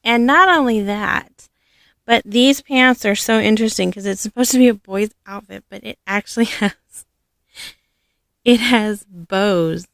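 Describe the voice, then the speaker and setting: Slow, gravelly-voiced woman gushing over dolls. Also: mid-range voice, no echo, studio quality. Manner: gushing and affectionate, with frequent soft laughs. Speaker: doll collector showing reborn dolls. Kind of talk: casual show-and-tell vlog.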